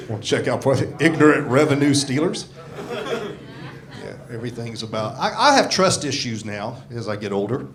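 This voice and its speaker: A stand-up comedian in his sixties performs a crude, self-mocking set on a club stage, swearing freely into a handheld mic. His medium-pitched voice swings hugely in pitch, unhurried and with long pauses. The live club audio carries the audience laughing in the background.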